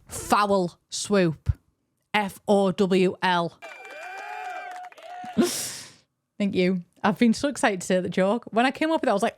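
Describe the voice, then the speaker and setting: A woman's voice: mid-range voice, dry recording, clean studio sound. A young woman narrating a game lore video in a chatty, jokey way, full of playful asides. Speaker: YouTuber.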